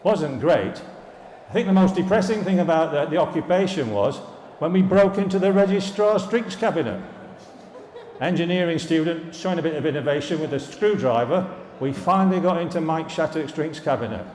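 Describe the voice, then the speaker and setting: Older man, fairly high voice, wry storytelling speech, echoing hall reverb. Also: lively intonation, a little fast, a little mellow, a little hiss or hum. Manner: storytelling, wry asides and jokes. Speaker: former students' union president giving an anniversary speech. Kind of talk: anecdotal speech to an alumni audience. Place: large hall at a live event. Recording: echoey hall, reverberant room.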